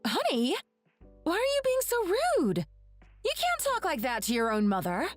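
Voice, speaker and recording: A woman voicing an indignant young wife in an animated story, scolding in a shocked way. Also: fairly high pitch, normal speed, no echo, soft background music.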